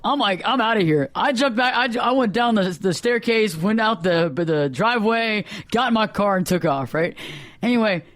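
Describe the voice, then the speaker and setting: Man, radio talk host, high voice, dry studio sound, animated storyteller. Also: normal speed, no room sound. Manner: animated, acts out voices in anecdotes. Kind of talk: casual storytelling chat.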